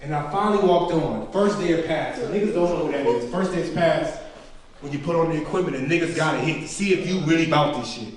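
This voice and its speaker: A man's voice: on the high side, fast. A young man in his twenties doing a profane stand-up comedy set, telling stories and acting out his friends' voices. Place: small indoor venue. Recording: echoey room picked up from a distance.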